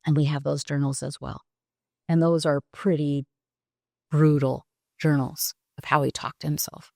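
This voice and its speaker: Low creaky older woman, halting and reflective. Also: little pitch movement, dark tone, dry recording, clean studio sound. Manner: halting, reflective, many pauses and restarts. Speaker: podcast guest. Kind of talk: personal storytelling interview.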